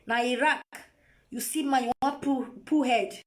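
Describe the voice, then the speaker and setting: A woman's voice: high voice, fairly even intonation, moderate pace. A Nigerian woman on a phone live video, lecturing her viewers in a scolding, repetitive way. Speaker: vlogger.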